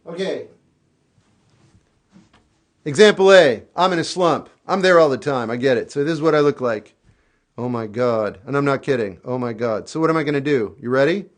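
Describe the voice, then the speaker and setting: Hosting a live stream, this man speaks at a moderate pace in a medium-pitched voice, leaving long pauses. He offers casual life advice and candid reflection, then suddenly erupts into goofy, animated shouting.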